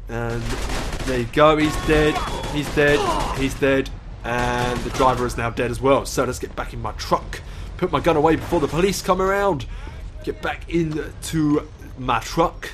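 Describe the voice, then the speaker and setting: A man's voice: medium pitch, moderate pace. A sleep-deprived man giving rambling, swearing, self-mocking gameplay commentary. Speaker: let's play gamer. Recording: clear background music.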